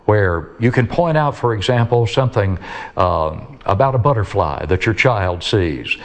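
Man, preacher, sermon, low-pitched voice, emphatic stresses, falling phrase ends. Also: expressive, normal speed. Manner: emphatic, rising on key words and dropping low at phrase ends.

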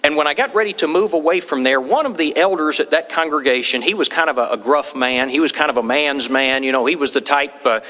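A man's voice: a little high, a little fast, few pauses, pushed and bright. A man preaching a sermon in a church, telling homey stories and quoting people in acted voices. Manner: folksy storytelling with acted quotes. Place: church sanctuary. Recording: long hall reverb.

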